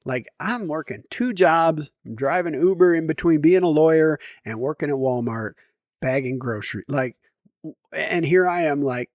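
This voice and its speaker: Middle-aged man vlogger, self-mocking, fairly high voice, dry close recording. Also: lively intonation, moderate pace, no room sound. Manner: self-mocking, rambling, laughs often. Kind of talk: rambling casual vlog.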